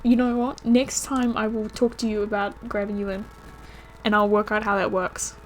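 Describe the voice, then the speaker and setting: A woman's voice: medium pitch, little pitch movement, normal speed, slight background noise. A woman streaming a video game who chats casually and laughs often. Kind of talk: casual gameplay commentary.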